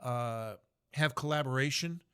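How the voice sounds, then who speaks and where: A U.S. military veteran in his fifties speaks earnestly and reflectively as a guest on a podcast interview, with many fillers and restarts. His medium-pitched voice is clear, resonant, and fairly bright, and he takes his time.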